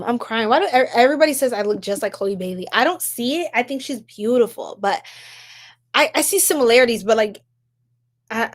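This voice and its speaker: Brief: young woman, livestream psychic host, bubbly and gushing, voice sits a bit high. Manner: bubbly and effusive, laughs often, gushes. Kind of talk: casual livestream chat reading viewer comments.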